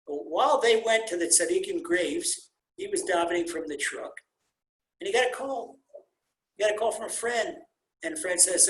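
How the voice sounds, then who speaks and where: A man's voice: high voice, normal speed, slight background noise. Man teaching a Torah class over a roomy video call. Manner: animated, repetitive emphasis, mixes Hebrew terms into English. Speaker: rabbi teaching a weekly class. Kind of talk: informal Torah class with storytelling. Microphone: computer mic on a video call.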